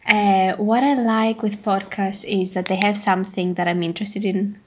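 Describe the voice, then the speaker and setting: A woman's voice: medium pitch, steady tone, normal speed, a little mellow, a little hiss or hum. A woman guest on a podcast chatting casually, hesitant and giggly. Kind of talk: casual chat.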